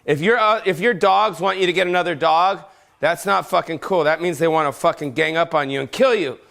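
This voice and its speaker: A man's voice: fairly high pitch, brisk, creaky, a bit bright. A man hosting his own podcast, rambling profanely and jokingly in an unplanned rant at home. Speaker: comedian podcast host. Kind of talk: casual unscripted rant.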